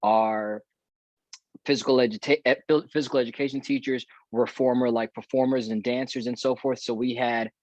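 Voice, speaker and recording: A man's voice: mid-range voice, fairly even intonation, moderate pace, darkish tone, no echo. A man who is a guest actor, telling a story in a casual podcast chat and acting out the dialogue he remembers. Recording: dull, dry lo-fi audio.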